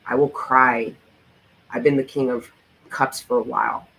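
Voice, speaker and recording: Male tarot vlogger, mid-pitched, intense and profane, hammering his encouragement home over faint ambient noise. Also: flat delivery, a little slow, vocal fry, pushed and bright, poor audio. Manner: emphatic, profane motivational talk; repetitive, fervent encouragement. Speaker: tarot reader. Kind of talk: tarot reading vlog.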